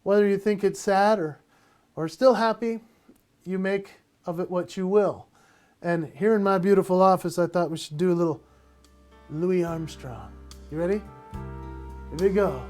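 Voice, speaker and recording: A man's voice: sits high, moderate pace, darkish tone, soft background music. A man doing a playful, self-mocking comic monologue from his home office and laughing at his own jokes. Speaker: comedian and entertainer.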